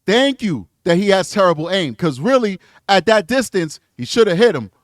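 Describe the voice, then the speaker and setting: A man's voice: sits high, very animated, normal speed, dry recording, clean studio sound. A man giving blunt, emphatic commentary on a true crime video, talking back to the clips he plays. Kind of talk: casual reaction commentary.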